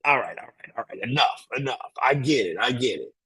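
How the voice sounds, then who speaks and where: A man's voice: very high-pitched, sing-song, slow, dry recording, pitched above the performer's own voice, exaggerated voice, rough recording. A man acting out an exasperated customer who keeps repeating his objections to a repair price. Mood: impatient. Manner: incredulous, repeating himself.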